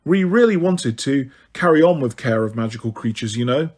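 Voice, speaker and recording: A man's voice: medium pitch, animated, moderate pace, a little mellow, close to an everyday voice. A man voicing a nervous, earnest teenage girl who speaks timidly. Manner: anxious, timid delivery.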